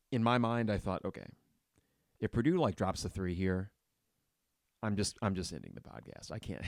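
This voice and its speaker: Male podcast host, low voice, dry sound; live play-by-play, blunt and cussing. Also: no echo. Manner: blunt and frustrated, shouts at players; swears casually. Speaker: podcast host reacting live to a basketball game.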